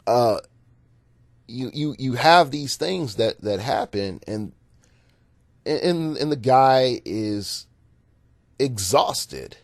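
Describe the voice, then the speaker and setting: A man's voice: lowish voice, a little mellow, no echo. A man hosting a solo podcast and coaching gamers in a rambling, casual monologue, repeating words and chuckling at his own jokes. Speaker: podcast host and game coach.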